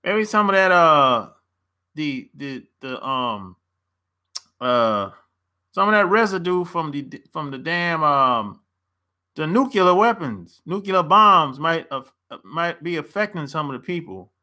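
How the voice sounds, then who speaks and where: A man's voice: fairly high pitch, lively intonation, takes it slowly, sharp tone. An American man, a relationship coach, giving a blunt casual opinion rant to camera and laughing often.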